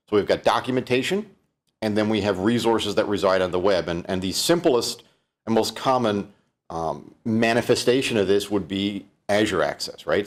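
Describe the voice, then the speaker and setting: A middle-aged man from Canada presenting a live-streamed keynote, chatty and loose, with frequent fillers and restarts. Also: fairly low pitch. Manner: conversational, fillers, many restarts.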